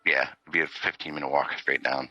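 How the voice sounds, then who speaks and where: A man narrating as game master in a tabletop game, relaxed and full of fillers, with the odd chuckle. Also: extremely low pitch, fast talker, lo-fi sound.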